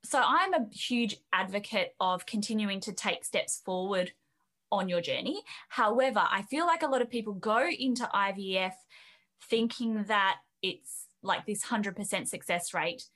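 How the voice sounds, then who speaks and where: Australian woman podcast host, bright and bubbly, pitch jumps all over the place. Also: animated. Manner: bubbly, chatty, quick laughs. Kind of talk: conversational podcast interview.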